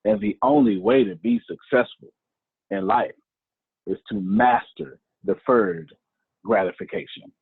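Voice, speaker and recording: Gravelly preaching man on a tinny line. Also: mid-range voice, wildly swooping pitch, no room sound. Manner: repeats key phrases slowly for emphasis. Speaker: teacher leading an online class. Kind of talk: preaching-style teaching.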